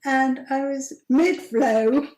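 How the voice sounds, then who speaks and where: A woman in her fifties telling a personal story as host, chatty and amused, with breathy asides. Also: sits high, steady tone, slow pace, darkish tone, echoey room. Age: 50s.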